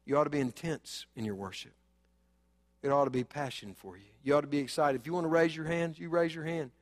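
High-voiced preacher in a reverberant hall. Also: male voice, quick pace. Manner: animated, swings between loud urging and low asides. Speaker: pastor. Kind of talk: sermon. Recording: long reverb of a church hall.

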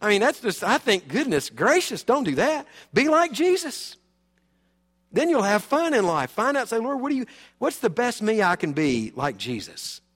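A man pastor preaching a sermon, animated and emphatic, swinging between loud and quiet. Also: high voice, moderate pace, slightly rough, big-room sound.

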